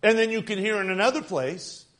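A man's voice: high-pitched, fairly quick, a bit bright. A male minister preaching an earnest sermon, asking the congregation questions.

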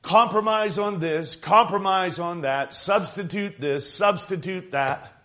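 A man's voice: sits high, a little slow, sharp tone. A male pastor giving an emphatic evening sermon, repeating phrases and asking his congregation "right?".

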